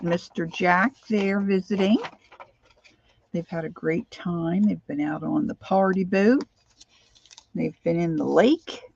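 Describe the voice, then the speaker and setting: A woman's voice: fairly low pitch, gravelly, a little mellow, highs cut off, slight background noise. An older woman hosting a crafting livestream, chatting casually and greeting viewers by name as she works.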